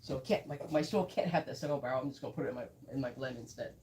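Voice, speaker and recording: A woman's voice: a bass voice, very fast, darkish tone, far from the mic, a little hiss or hum, low-quality recording. A woman who blends whiskey, chatting through a live tasting and telling stories with quoted asides.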